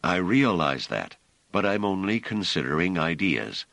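A man reading an audiobook voices a mild, thoughtful scholar who reasons gently. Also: low-pitched, sing-song, measured pace, vocal fry, no room sound, full character voice. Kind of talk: audiobook character voice.

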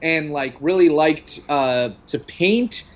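A man's voice: fairly high pitch, animated, slow pace. A man chatting on a casual podcast, rambling and laughing often. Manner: giggly, rambling. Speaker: podcast co-host. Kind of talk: casual chat.

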